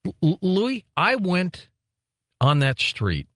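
A middle-aged man from Detroit, hosting a radio talk show in a chatty, animated way. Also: sits high, takes it slowly, no room sound, clean studio sound. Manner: animated and chatty, stammers at starts. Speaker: radio host.

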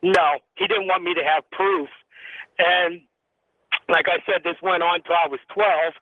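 A man's voice: high-pitched, steady tone, measured pace, no echo. A male caller from Tennessee on a radio phone-in, earnestly telling a ghost story with frequent ums. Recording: tinny phone line.

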